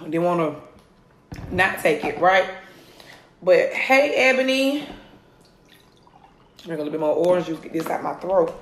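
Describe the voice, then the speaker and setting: A woman, coaching viewers on a live phone video from home, energetic and repeating her points. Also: on the low side, normal speed, pauses often, a little hiss or hum. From Atlanta area, US. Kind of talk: live social media coaching. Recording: roomy phone recording.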